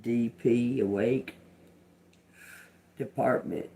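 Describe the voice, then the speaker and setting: A man runs a live psychic reading, speaking in slow, halting fragments and echoing single words back. His voice has a gravelly edge and sits at an ordinary pitch. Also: steady tone, mellow. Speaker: livestream psychic reader. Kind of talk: live spirit-box and card reading.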